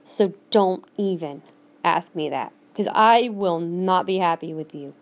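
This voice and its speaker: An unhurried woman with a fairly low pitch hosts a solo podcast rant. She lives in Minnesota and speaks in a blunt, emphatic style that keeps returning to the same points.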